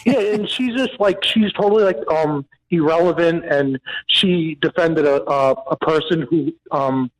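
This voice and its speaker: A man calling in to a radio show, making his points earnestly with many pauses and fillers. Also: fairly high pitch, low-quality recording. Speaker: caller. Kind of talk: phone call to a radio show.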